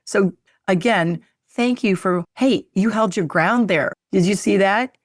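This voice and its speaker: A woman hosting a podcast, chatting in a warm, effusive way, gushing and often laughing. Her voice sits in a middle register. It is recorded close and dry, with no room sound. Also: mid-range voice, measured pace, dry recording. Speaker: podcast host. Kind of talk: casual podcast conversation.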